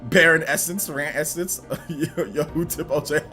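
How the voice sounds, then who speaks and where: A man hosts a casual gaming livestream with loose, chatty talk full of fillers. His voice is bright, and soft music plays behind him. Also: fairly high pitch, takes it slowly. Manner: relaxed, chatty, many fillers. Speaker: livestream host. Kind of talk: casual livestream chat reading donations.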